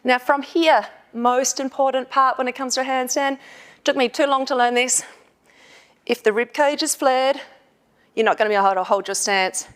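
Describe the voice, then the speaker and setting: High-voiced woman coaching handstand drills. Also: steady tone, moderate pace, fairly bright tone. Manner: encouraging, cueing and counting reps. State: strained from holding poses. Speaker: fitness instructor. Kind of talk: handstand workout instruction.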